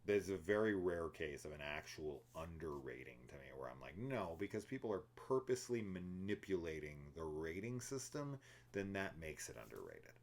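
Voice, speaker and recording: A man with an extremely deep voice hosts a casual horror film spoiler discussion. He rambles through his opinions, swears freely and drifts into tangents. His delivery is loose and unscripted. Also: very animated, normal speed, darkish tone. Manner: laughs and mimics characters while telling the plot. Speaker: film review podcast host.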